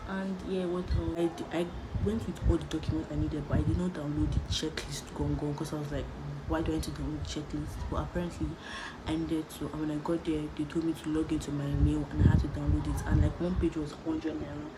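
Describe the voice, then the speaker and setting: Young woman from nigeria vlogging, low voice, chatty and rambly, noisy background. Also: little pitch movement, brisk. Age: young adult. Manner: chatty, rambling, laid-back. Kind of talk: casual chat to camera. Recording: noticeable background noise.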